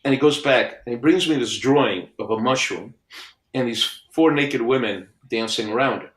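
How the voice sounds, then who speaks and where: A middle-aged man with a mid-range voice, speaking as a guest in a casual interview. He tells his stories in a lively way and slips into the voices of the people he quotes. The sound is a video call from a roomy home studio with plenty of echo. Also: mid-range voice, normal speed. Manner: animated storyteller acting out other people's lines. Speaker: guest album cover artist. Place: home studio with framed records on the wall.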